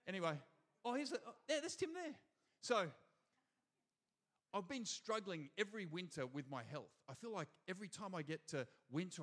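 An Australian man preaches in a high, bright register with lively energy. He keeps calling out to the congregation from the front of a church hall. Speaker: pastor. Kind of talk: sermon.

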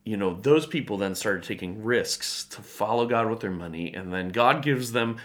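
A pastor telling a story as a guest in an interview, animated and acting out the voices of people in his story, laughing often. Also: on the low side, normal speed.

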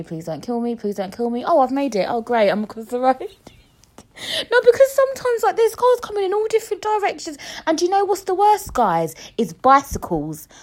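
A woman's voice: a little high, darkish tone. A woman, hosting a casual podcast, chatty and cheeky, swearing and mimicking other people's voices. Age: 20s. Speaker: podcast host. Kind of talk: casual chat.

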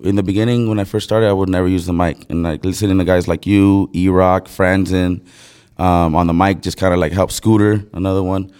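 Low-voiced man chatting casually. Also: little pitch movement, brisk, darkish tone, smooth. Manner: loose, filler-heavy storytelling with many "like"s. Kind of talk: casual podcast chat.

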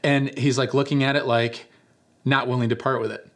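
A male pastor delivers a sermon in a relaxed, conversational way. He tells stories with a light touch and now and then acts out the people in them. His voice sits at an ordinary middle pitch. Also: normal speed. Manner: conversational storytelling with animated voices for quoted characters.

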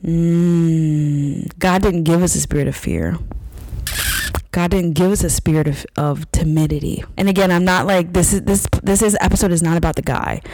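A young adult woman hosting her own podcast, telling a story in a chatty, animated way full of fillers and asides. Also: fairly low pitch, normal speed, low-quality recording. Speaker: podcast host. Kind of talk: casual faith-based podcast monologue.

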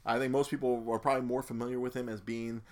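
A man's voice: medium pitch, level tone. A man in casual chat who stumbles through restarts and fillers as he talks. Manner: halting, many restarts and fillers.

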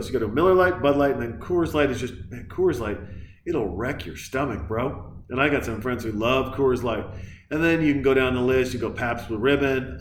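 Guy ranting thru a movie recap, swears a lot, gets worked up, kinda echoey room w a little hum. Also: mid-range voice. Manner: profane, excitable, digressive. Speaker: movie reviewer. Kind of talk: rambling comedic movie recap.

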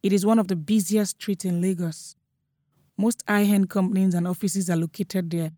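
A young woman with a Nigerian accent telling a first-person story in a steady, matter-of-fact way. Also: mid-range voice, moderate pace, dry recording, clean studio sound. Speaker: narrator.

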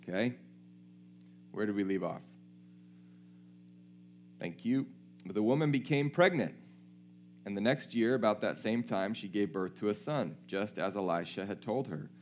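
A man's voice: on the low side, measured pace, pauses often, a little mellow, slight background noise. A man preaching a sermon, reading scripture aloud and checking in with his listeners in a conversational way.

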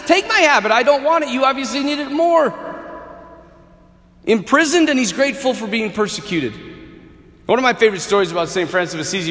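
Male preacher, earnest and wry, lively high voice, big echoing hall. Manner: animated, earnest, with wry humor. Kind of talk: sermon. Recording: echoey hall with long reverb.

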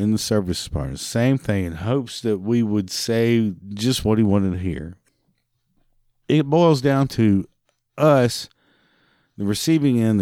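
A man's voice: mid-range voice, a little mellow, no room sound, clean studio sound. A man in customer service ranting through a story about a stubborn customer, profane, sarcastic and exasperated. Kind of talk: storytelling rant.

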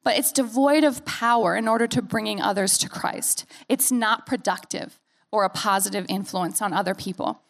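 A young woman pastor from the United States preaches earnestly and animatedly, slipping in playful asides, her American accent softened by years in Australia. Her mid-range voice moves at a normal speed and has a creaky quality.

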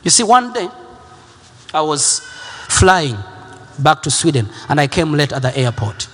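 Preacher, male, husky high voice with big swings; emphatic, repeats lines, builds to shouts, in a long-reverb hall. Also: big pitch swings, measured pace. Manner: emphatic and repetitive, rising to shouts. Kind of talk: sermon.

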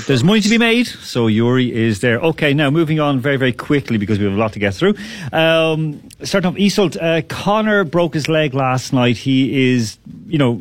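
A man hosting a casual sports chat, brisk and quick to laugh as he steers the talk. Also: medium pitch, dry recording. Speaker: host.

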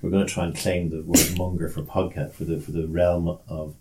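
A man's voice: sits low, little pitch movement, fairly quick, mellow. An Irish man hosting a podcast, joking and playing with words in casual chat. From Ireland. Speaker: podcast host. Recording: echoey room.

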